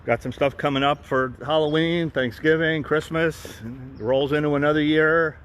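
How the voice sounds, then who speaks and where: A man's voice: on the high side, fairly even intonation, normal speed, fairly bright tone, a little hiss or hum. A man live-streaming from a phone outdoors, rambling casually with frequent restarts and asides. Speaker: vlogger and fan group host.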